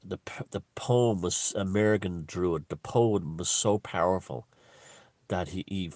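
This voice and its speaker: A man's voice: low voice, dry recording. A man hosting his own video channel, talking in a rambling, profane off-the-cuff monologue with frequent restarts.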